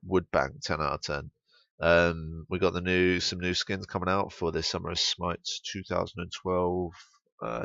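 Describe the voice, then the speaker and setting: A man's voice: low voice, creaky, a bit bright, no echo, muffled recording. A young English man giving blunt, sweary, rambling commentary on a game patch. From England.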